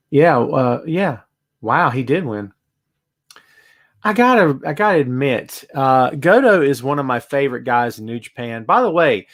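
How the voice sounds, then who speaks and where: A man's voice: mid-range voice, fairly bright tone. A man hosting a casual live-streamed wrestling podcast from his home, chatty and greeting viewers by name. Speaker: podcast host. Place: home room with bass amp.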